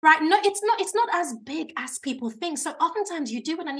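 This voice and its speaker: Woman, high voice, animated interview guest giving speaking advice. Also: fairly quick. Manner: animated, chatty, self-described natural talker.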